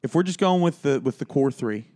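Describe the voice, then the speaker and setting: A man's voice: medium pitch, animated, fairly quick, mellow. A man co-hosting a comedy podcast, teasing his partner with dry jokes and leading questions. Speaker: podcast co-host. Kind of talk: casual comedic chat.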